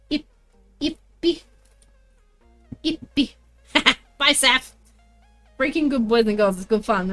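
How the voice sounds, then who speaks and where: A woman's voice: medium pitch, fairly bright tone. A woman livestreaming while she crafts, chatting to viewers in a bubbly, playful way and often singing or laughing. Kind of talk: casual live-stream chat while crafting.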